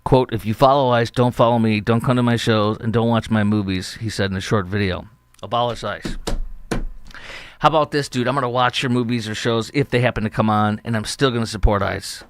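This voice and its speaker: A man's voice: medium pitch, brisk, slight background noise. Chatty middle-aged male podcast host. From Chicago area. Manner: chatty, animated storytelling with acted-out quotes. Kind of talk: opinion talk show monologue.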